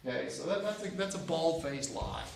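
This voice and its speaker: A man's voice: on the high side, lively intonation, a little fast, vocal fry, echoey room. A man in his fifties teaching a class of cadets, folksy and repetitive, acting out bits of dialogue in his stories. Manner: folksy, repeats himself, acts out dialogue. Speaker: JROTC instructor. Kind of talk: classroom lecture with anecdotes.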